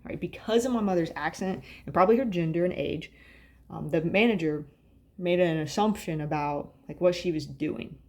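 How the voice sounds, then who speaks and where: A young woman lecturing a class in a loose, chatty way. She leans on "um" and "like" as she works through her points, and her voice sits a little low for a woman. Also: moderate pace, a little mellow. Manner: conversational, many fillers and "like"s. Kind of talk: university lecture.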